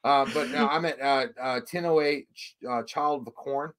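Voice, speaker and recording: A man's voice: medium pitch, steady tone, moderate pace, fairly bright tone. A man hosting a casual livestream, rambling and swearing, easily frustrated. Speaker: livestream host.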